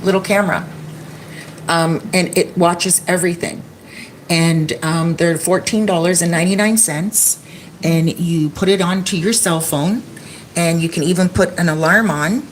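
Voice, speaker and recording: In a casual home vlog, a woman who rents out apartments chats to her phone camera, frequently quoting others with "he's like." She speaks a little slowly in a lowish voice, and a faint hiss or hum is audible.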